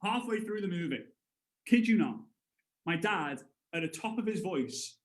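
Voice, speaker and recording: A man's voice: high voice, measured pace, roomy sound, poor audio. A man in his thirties giving a live motivational sales training, telling stories energetically and acting out voices. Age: 30s. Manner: energetic storyteller, acts out voices with big jumps. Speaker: network marketing trainer.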